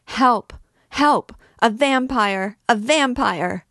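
A woman's voice: on the high side, extremely slow, fairly bright tone, no room sound, studio quality, pitched above the performer's own voice, heavily acted. A woman voicing a terrified and furious young girl who cries out with an urgent, raised voice.

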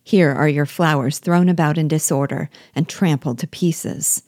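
A woman reading aloud as a gentle, innocent young woman, with calm and reassuring speech. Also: low-pitched, normal speed, no room sound, clean studio sound. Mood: astonished.

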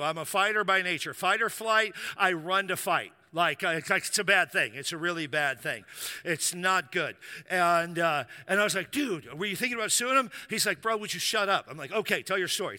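A man preaching a sermon in a church, telling a story with lively acted-out quotes. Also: sits high, clean tone, long reverb tail. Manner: animated storytelling, acting out quoted voices. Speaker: pastor.

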